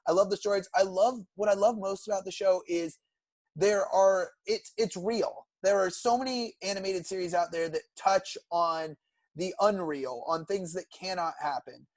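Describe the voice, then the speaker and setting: A young Californian man co-hosts a podcast, eagerly retelling cartoon episodes in casual chat and recounting plots at length with enthusiasm. His voice is high-pitched, he talks at normal speed, and the recording is dry.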